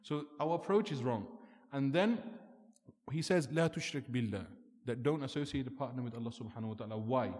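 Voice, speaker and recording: A man's voice: medium pitch, brisk, darkish tone. A man preaching an earnest, emphatic sermon, asking rhetorical questions as he lectures. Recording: long hall reverb.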